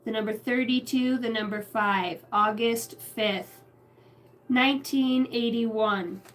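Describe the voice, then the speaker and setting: A woman's voice: fairly high pitch, slow pace. A woman giving a channeled tarot reading, rambling through names and numbers and swearing casually. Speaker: psychic reader.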